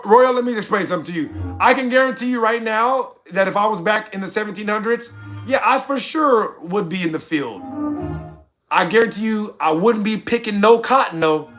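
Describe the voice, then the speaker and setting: A man's voice: high voice, fairly bright tone. A man streaming to his chat, arguing in a heated, sarcastic rant. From United States. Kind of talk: livestream rant.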